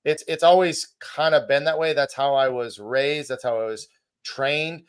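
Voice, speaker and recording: A man's voice: medium pitch, steady tone, normal speed, clear, resonant tone. A man who hosts a podcast and runs a martial arts school, talking thoughtfully with many restarts. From United States. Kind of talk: casual podcast conversation.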